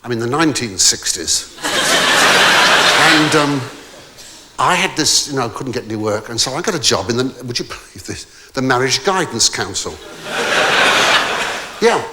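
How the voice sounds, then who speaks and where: A man's voice: medium pitch, expressive, moderate pace, long pauses, bright, forceful tone, a little hiss or hum. Older man stammering through stand-up. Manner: stammering, false starts, theatrical asides. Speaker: stand-up comedian. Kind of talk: rambling stand-up storytelling. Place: debating hall on stage.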